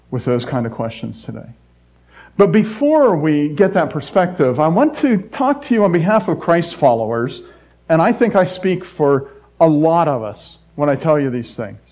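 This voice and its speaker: A man preaching a sermon as pastor, swinging between loud emphasis and soft, quiet asides. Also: a little high, husky. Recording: dull lo-fi recording.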